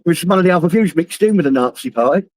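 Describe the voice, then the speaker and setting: Swearing Londoner chatting while driving. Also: male voice, fairly high pitch, lively intonation, quick pace, darkish tone, no room sound, poor audio. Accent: London English. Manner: rambling, heavy swearing, laughs at own stories. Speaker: live streamer. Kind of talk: casual live-stream chat while driving. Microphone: phone.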